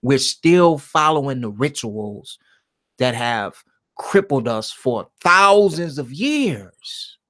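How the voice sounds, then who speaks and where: Slow, meditative man speaking alone. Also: medium pitch, big pitch swings. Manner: slow, drawn-out, swings between loud emphasis and near-whisper. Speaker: live stream host. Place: alone at home.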